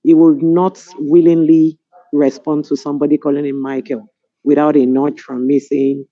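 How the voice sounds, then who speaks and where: A middle-aged Nigerian woman on a webinar panel, telling stories in an animated, amused way over a video call. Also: deep voice, normal speed, dry recording. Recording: dull lo-fi video call audio.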